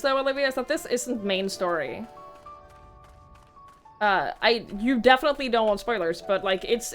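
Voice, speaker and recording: A young woman streaming a game, chatting in a rambling, giggly way and swearing casually. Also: on the high side. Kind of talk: casual chat while gaming.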